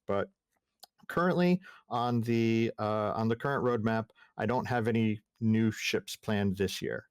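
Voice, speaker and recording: A man speaking on a game design panel, halting and full of restarts, in casual talk. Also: on the low side, clear, resonant tone, no echo, clean studio sound. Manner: halting, many restarts and fillers.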